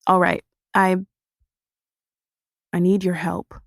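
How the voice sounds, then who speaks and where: A woman voicing a cold, condescending young man in an audiobook, speaking in a quiet, clipped, low-key way. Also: flat delivery, slow, no room sound, studio quality. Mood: curt. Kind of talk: audiobook character voice.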